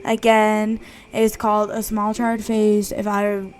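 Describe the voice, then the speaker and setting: A woman's voice: medium pitch, monotone, takes it slowly, a little mellow, a little hiss or hum. A young woman chatting casually to her viewers, giggly and full of fillers, about to read aloud. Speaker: vlogger reading aloud. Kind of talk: casual reading vlog.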